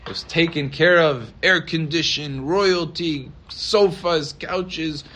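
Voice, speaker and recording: A man with a fairly high voice tells a story in a sermon. He is dramatic and acts out the voices of the people in his story. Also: slow, fairly bright tone. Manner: dramatic retelling, acting out voices in quotes. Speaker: rabbi.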